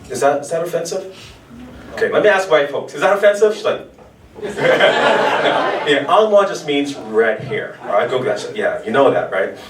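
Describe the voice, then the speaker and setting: An American man in his thirties doing a stand-up set in a restaurant, loose and punchy with casual swearing. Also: a little high. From United States. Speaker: stand-up comedian. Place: restaurant showcase stage. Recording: echoey room from far off, light noise.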